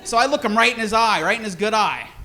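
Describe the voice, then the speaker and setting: A man's voice: high voice, lively intonation, fast talker, sharp tone. A man in his forties telling rambling, self-deprecating stories in a stand-up set on a comedy club stage, with audience laughter behind him.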